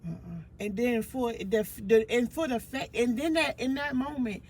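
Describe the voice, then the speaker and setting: A woman's voice: on the high side, moderate pace, darkish tone, slight background noise. A woman guest on a casual podcast, emphatic and profane as she retells conversations.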